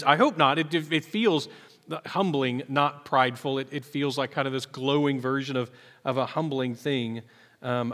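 Earnest pastor in a reverberant church. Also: male voice, on the high side, a bit bright. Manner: earnest, repeats words when starting sentences. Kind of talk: sermon. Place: church sanctuary.

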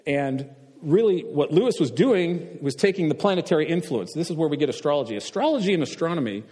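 Guy lecturing a class, kinda high voice, big roomy hall echo, throws questions at the crowd. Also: animated, dark tone, slightly rough. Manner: asks the audience questions, halting with fillers and restarts.

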